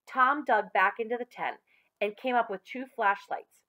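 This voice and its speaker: A woman teacher reading a chapter book aloud to children, expressive and addressing them directly. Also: fairly high pitch, moderate pace. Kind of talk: children's story read-aloud.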